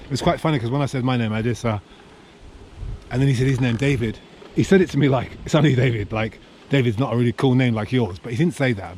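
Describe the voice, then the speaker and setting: A man's voice: mid-range voice, a little mellow, a little hiss or hum. A man from East London, a vlogger and artist, chatting casually and laughing easily as he cycles through a city. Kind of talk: casual travel vlog narration. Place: outdoors cycling through a city.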